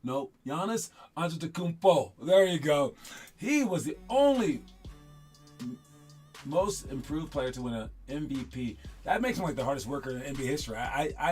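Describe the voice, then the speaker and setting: A man's voice: on the high side, expressive, a little fast, faint music behind. A man coaching young basketball players in casual, rambling talk that often repeats itself. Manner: rambling, upbeat, repeats himself.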